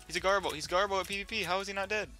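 A young man casually commenting over his own gameplay, swearing freely and breaking into loud yelling when things go wrong. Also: high-pitched, fairly even intonation, rapid-fire, soft background music. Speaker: gaming channel host.

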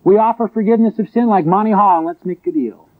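A man preaching a sermon in an emphatic way, with sharp rises and drops. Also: high-pitched, quick pace. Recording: tinny phone-like lo-fi recording.

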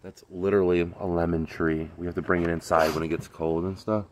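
A man's voice: sits low, level tone, fairly quick, a little hiss or hum. A man vlogging casually outdoors in his backyard garden, talking in a laid-back, slangy way with lots of fillers. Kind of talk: casual chat.

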